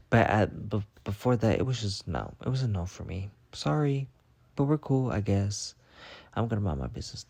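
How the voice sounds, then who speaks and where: A man's voice: fairly low pitch, warm tone, no echo. A young man telling gossip stories in a casual, profane, dramatic monologue, full of "I'm like" retellings. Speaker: storyteller. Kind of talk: casual story-time monologue.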